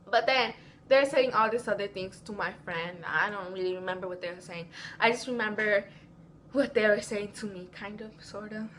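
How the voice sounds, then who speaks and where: A woman's voice: mid-range voice, moderate pace, slight background noise. A teenage girl telling a school drama story as a casual vlog, acting out what everyone said. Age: teens. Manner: animated, reenacting quotes. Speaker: vlogger.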